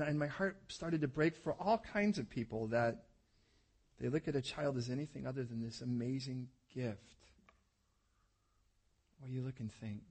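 A man preaching a sermon as pastor, telling stories animatedly and acting out voices, dropping soft for tender moments. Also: medium pitch.

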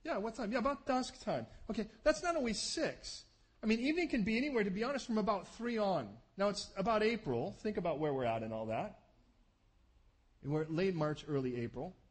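A male preacher with a notably high voice tells the story in an animated way, acting out the scenes as he goes. His pitch rises and falls in lively swings, and he drops quick asides to the congregation. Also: slightly rough. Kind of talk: sermon.

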